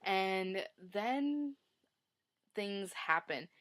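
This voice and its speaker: Woman, book review vlog, casual chat, slow pace, says "like" a lot, emotional retelling. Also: mid-range voice, lively intonation, fairly bright tone. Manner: chatty, heavy use of "like", emotional retelling.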